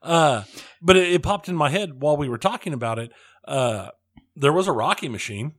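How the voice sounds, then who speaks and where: A man's voice: on the high side, expressive, moderate pace, a bit bright, dry recording. A man co-hosting a podcast in casual chat, starting over and repeating his words, laughing often. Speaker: podcast co-host.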